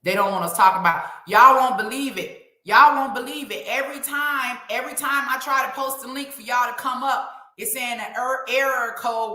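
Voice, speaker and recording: A woman's voice: on the high side, normal speed, bright, forceful tone. A woman hosting a live online show, speaking in an emphatic, preachy way and calling out to her viewers. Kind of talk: impassioned livestream commentary. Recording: echoey room.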